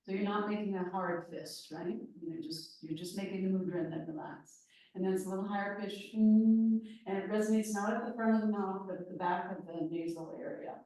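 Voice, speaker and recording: A woman leading a guided yoga class on chanting and hand gestures, instructing gently with light laughs. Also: mid-range voice, a little fast. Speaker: yoga teacher. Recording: echoey room from far off.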